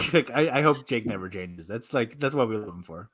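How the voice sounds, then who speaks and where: A man co-hosting a casual podcast, laughing often and reacting quickly. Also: medium pitch, lively intonation, fairly bright tone, a little hiss or hum. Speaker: podcast co-host. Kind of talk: casual streamed podcast chat.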